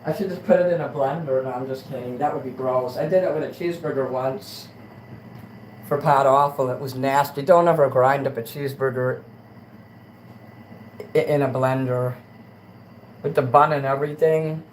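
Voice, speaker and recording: A man's voice: mid-range voice, fairly even intonation, normal speed, long pauses, rough recording. Crude livestream host, male, rambling delivery, faint hiss under the voice. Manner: rambling, crude, swings between mutters and loud rants. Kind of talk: casual late-night livestream chat.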